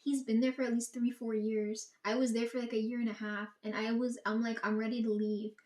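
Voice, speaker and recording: A woman's voice: a little high, level tone, fairly quick, a little mellow. A woman in a casual, profane monologue, ranting and quoting herself and her family. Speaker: vlogger. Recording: echoey room.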